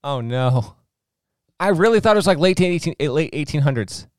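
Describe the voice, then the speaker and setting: A man bantering on a podcast with a smooth, resonant voice that leaps up and down in pitch as he teases his co-host. The recording is dry and close. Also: expressive, a little fast, dry recording. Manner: playful, teasing, dramatic reactions.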